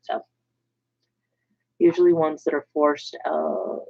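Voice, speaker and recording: A woman paints miniatures on a livestream, talking in a low-pitched, level, slightly mellow voice with vocal fry and a slow pace. The casual chat rambles and turns self-deprecating, dipping into murmured asides; the stream audio is dull and lo-fi.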